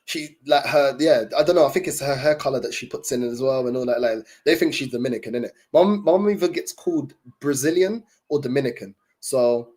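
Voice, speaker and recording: A man's voice: medium pitch, brisk, few pauses, a little mellow. A young man chatting casually to his livestream viewers, in laid-back, slang-heavy talk full of fillers. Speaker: livestream host.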